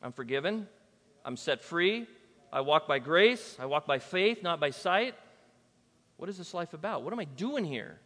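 A man's voice: on the high side, expressive, moderate pace, fairly bright tone, big-room sound. A man preaching a sermon as pastor, talking casually and bantering with his congregation.

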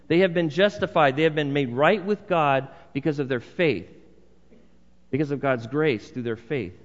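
A male pastor preaching a sermon in a church, conversational with emphatic repeated phrases. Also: fairly high pitch. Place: church sanctuary. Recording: long hall reverb, dull sound.

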